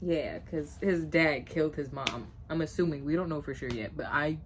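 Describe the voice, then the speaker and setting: A woman's voice: deep voice, moderate pace, background noise. A young woman chatting casually in a reading vlog, gushing expressively and laughing often. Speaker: book vlogger.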